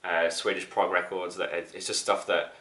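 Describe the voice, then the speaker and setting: A man's voice: deep voice, level tone, normal speed, fairly bright tone. A young New man who sounds a little sick, vlogging casually about records with lots of ums and restarts. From New Zealand. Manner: rambling, many ums and restarts. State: slightly sick voice. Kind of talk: casual vlog to camera. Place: apartment. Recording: echoey room.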